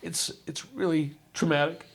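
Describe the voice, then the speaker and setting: A man's voice: a little high, flat delivery, moderate pace, vocal fry. Earnest man telling his life story. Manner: earnest, casual, often says "dude". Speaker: podcast guest. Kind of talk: candid personal storytelling.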